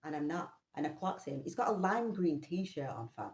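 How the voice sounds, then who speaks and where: Woman ranting thru a story, low voice, echoey room. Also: normal speed. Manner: animated, swears casually. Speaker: vlogger. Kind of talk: personal storytelling.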